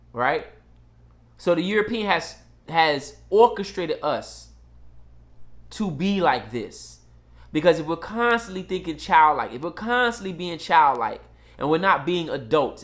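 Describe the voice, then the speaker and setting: A man's voice: fairly high pitch, sing-song, a little slow, a bit bright. A man delivering a casual monologue in a blunt, emphatic, repetitive way. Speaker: commentator.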